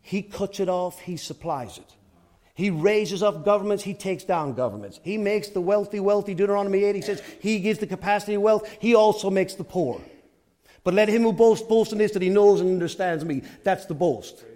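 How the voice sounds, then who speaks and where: A man with an Irish accent preaching a sermon, swinging between loud excited storytelling and hushed, earnest appeals. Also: sits high, a little fast.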